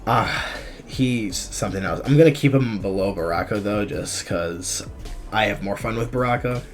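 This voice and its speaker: A young man speaks in a somewhat low voice, relaxed and chatty, as he gives his opinions on a game. He stumbles, restarts and fills gaps with ums. Faint background music plays under his talk. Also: moderate pace. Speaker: gaming YouTuber. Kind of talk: casual commentary on a fighting game tier list.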